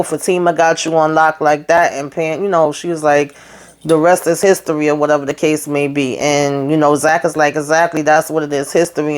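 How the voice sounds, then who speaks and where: A woman's voice: low-pitched, a little mellow. Woman w/ recapping her show, chatty, acts out the lines as she retells em. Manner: retells scenes in quoted dialogue, chatty asides. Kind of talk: casual recap commentary.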